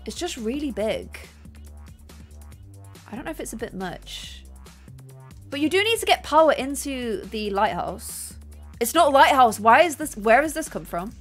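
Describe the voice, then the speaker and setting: Bubbly high-voiced woman streamer. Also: normal speed, long pauses. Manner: chatty, bubbly, thanks viewers excitedly. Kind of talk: casual gameplay livestream chat. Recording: faint music behind.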